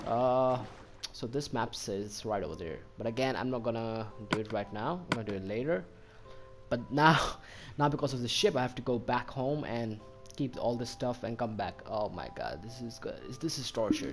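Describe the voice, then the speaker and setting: A man giving casual, excitable commentary while playing a game, easily delighted and chatting to the animals he meets. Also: mid-range voice. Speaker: gaming channel host. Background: background music.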